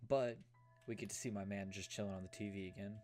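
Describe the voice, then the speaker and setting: A man's voice: on the low side, fairly even intonation, fast, a little mellow, faint music behind. A man casually commenting as he plays through a game, joking, self-deprecating and swearing freely. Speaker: let's player.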